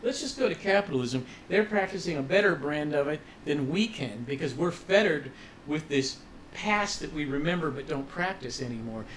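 A man's voice: on the high side, a bit bright, slight background noise, poor audio. A man guest on a radio interview, ranting with passion and cynicism about politics. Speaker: musician guest.

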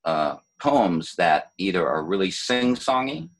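An older man, a poet, talking in a relaxed interview, thoughtful and hesitant, with many fillers and restarts. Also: deep voice, measured pace, rough recording. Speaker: poet, former city poet laureate.

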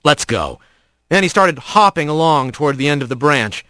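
Lively man narrating a story. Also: on the high side, fairly quick, smooth, dry recording. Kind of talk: scripted narration.

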